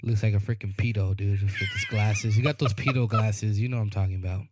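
A man's voice: lowish voice, wildly swooping pitch, brisk, loud music behind the voice. A man co-hosting a podcast, telling a long rambling story in casual chat, often asking "you know what I mean" and acting out the people in it. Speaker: podcast co-host.

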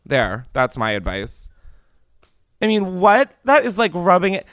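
A man's voice: sits high, wildly swooping pitch, measured pace, a bit bright, clear, resonant tone, no room sound, studio quality. A young man hosting a call-in advice podcast, blunt and self-mocking, swearing freely and slipping into exaggerated mock voices. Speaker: podcast host answering call-in questions. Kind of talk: casual comedic advice chat.

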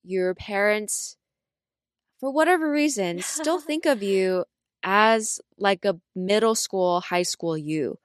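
A young adult woman co-hosting a podcast in casual chat, full of fillers like "like" and "right?", telling stories with lively acted-out quotes. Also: takes it slowly, clean tone, dry recording, studio quality. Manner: animated storyteller, acts out quotes with big pitch jumps. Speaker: podcast co-host.

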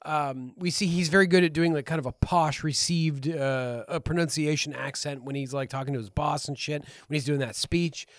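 Maritime canadian man, podcast co-host, rambling, slightly high voice, dry sound. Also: normal speed, few pauses, dry recording. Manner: thoughtful, rambling, searching for words. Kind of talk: casual film discussion.

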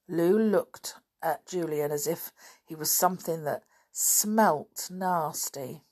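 A woman narrates a children's story in a gentle, unhurried way. Her voice sits on the low side and moves slowly. She signs off warmly as the podcast's host. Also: husky.

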